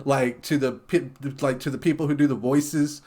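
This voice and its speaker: A young man hosting a casual TV reaction video, telling a lively story and laughing often. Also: mid-range voice, normal speed, slightly rough. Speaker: reaction channel host.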